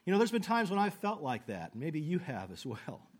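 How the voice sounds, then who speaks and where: A man preaching a sermon, earnest, slowing down for scripture and falling low at the ends of phrases. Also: wildly swooping pitch, husky. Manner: slows down for quoted scripture.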